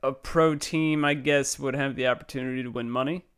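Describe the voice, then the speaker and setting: A man's voice: mid-range voice, steady tone, fairly quick, a bit bright, clean tone. A young man co-hosting a podcast in casual chat, joking and laid-back. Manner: joking, laid-back, drifts into silly put-on quotes. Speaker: podcast co-host.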